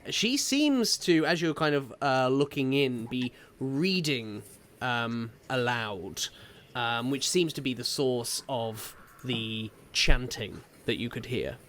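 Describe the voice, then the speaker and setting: Man narrating as dungeon master, lively. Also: medium pitch, slow, slight background noise. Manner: hesitant, lots of fillers, descriptive. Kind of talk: narrating a tabletop game.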